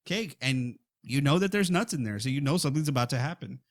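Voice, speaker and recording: A man co-hosting a horror film podcast, retelling a scene in lively casual chat and acting out the characters' lines. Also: mid-range voice, fast. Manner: animated storytelling, acts out quotes. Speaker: podcast co-host.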